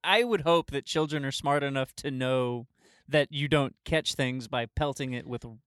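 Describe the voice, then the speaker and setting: A man from Louisiana co-hosting a podcast in casual chat, expressive and teasing, laughing easily. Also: mid-range voice, normal speed, clear, resonant tone, dry recording, studio quality. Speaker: podcast co-host.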